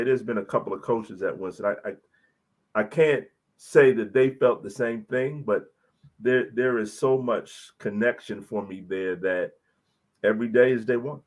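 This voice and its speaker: A man, a college basketball head coach, telling an earnest, emotional story as a guest in an interview. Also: mid-range voice.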